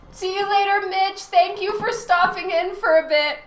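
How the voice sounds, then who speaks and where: Giggly high-voiced woman chatting with viewers. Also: steady tone, measured pace. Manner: giggly, reads chat messages aloud. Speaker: artist streaming to chat. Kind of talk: casual live-stream chat. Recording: roomy echo with faint music. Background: faint background music.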